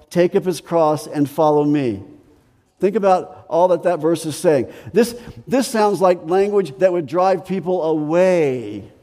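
A male pastor delivers a sermon in a mellow, somewhat high voice. He speaks deliberately, stretching out key words and repeating lines for emphasis. The sound rings with the long reverb of a big hall. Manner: deliberate preaching with slow emphatic stretches and repetition.

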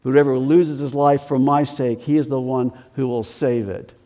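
Slow, emphatic preacher in a reverberant hall. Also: male voice, mid-range voice, fairly even intonation, dark tone. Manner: deliberate preaching with slow emphatic stretches and repetition. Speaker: pastor. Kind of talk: sermon.

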